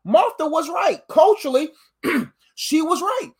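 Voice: extremely high pitch, expressive, a little slow. A pastor giving a conversational livestreamed sermon, repeating key lines and adding playful asides.

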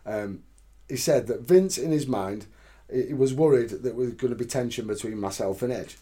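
A man's voice: mid-range voice, moderate pace, slightly rough. A man chatting on a podcast, telling stories with lots of energy, swearing and laughing. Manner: animated storyteller, swearing, laughing often. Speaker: podcast co-host. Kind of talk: casual chat.

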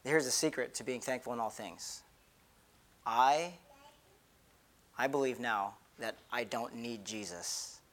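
A man's voice: mid-range voice, takes it slowly, pauses often, fairly bright tone. A middle-aged man, a pastor, giving an earnest, conversational sermon with many repeated restarts.

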